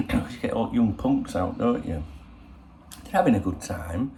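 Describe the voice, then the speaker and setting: A man's voice: fairly low pitch, animated, normal speed, gravelly, mellow, slight background noise. A middle-aged man hosting a football channel, chatting casually in a rambling, cheeky way full of swearing. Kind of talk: casual chat. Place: in Spain.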